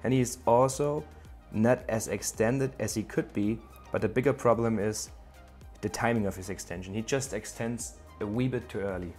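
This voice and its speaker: Over soft background music, a man with a low, darkish voice speaks at a normal pace while coaching surfskate bowl technique. He's out of breath, talks straight to the viewer, and walks through the moves step by step, moving from an outdoor skate bowl to a home office.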